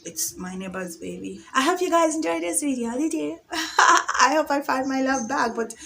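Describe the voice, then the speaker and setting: A woman's voice: high-pitched, animated, moderate pace, vocal fry, a bit bright, a little hiss or hum. A young woman from Zambia talking in a casual confessional vlog, chatty and emotional, often laughing and filling her talk with "like". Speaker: vlogger.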